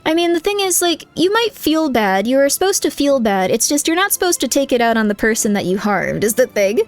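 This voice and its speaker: A woman's voice: high-pitched, big pitch swings, brisk. A woman streamer chatting casually with viewers, giving rambling, candid advice full of fillers while reacting to chat.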